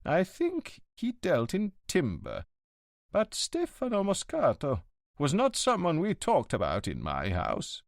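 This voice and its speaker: Diretor escolar idoso e pomposo, interpretado por um homem, fala lenta e altiva, entonação muito variada. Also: male voice, a little high, huge pitch swings, gravelly, dry recording, clean studio sound, pitched above the performer's own voice, heavily acted. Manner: slow, lofty, disapproving. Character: elderly retired male headmaster, stern and pompous.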